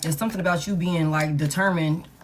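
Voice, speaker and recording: A woman's voice: sits low, steady tone, brisk, slight background noise. A woman giving a live tarot reading, talking casually and profanely to her viewers. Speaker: tarot reader.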